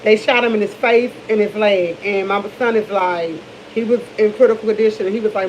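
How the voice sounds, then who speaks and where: A woman's voice: medium pitch, fairly even intonation, brisk, a little mellow, lo-fi sound, slight background noise. Middle-aged D.C. woman chatting candidly. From Washington, D.C. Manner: candid, rambling, with many restarts. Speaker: vlogger. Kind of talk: casual morning chat to camera.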